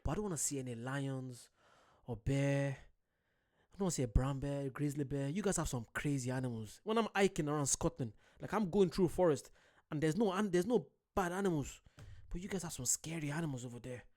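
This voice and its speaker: Young male reaction host from Ireland, casual and excitable, quick to swear, a bit high. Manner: excitable, swears, laughs at himself.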